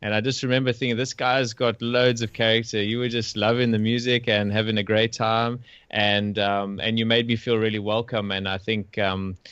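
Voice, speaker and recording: A man hosting a podcast interview, talking in a friendly, halting way with many fillers. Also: on the low side, level tone, a bit bright, clear, resonant tone, no echo, lo-fi sound. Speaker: podcast host. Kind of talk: casual interview. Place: Gold Coast, Australia.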